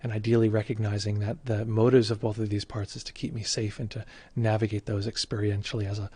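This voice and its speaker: Reflective husky-voiced man. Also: on the low side, level tone, warm tone, no room sound. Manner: reflective, halting, many fillers and restarts. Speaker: meditation teacher. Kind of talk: casual livestream talk.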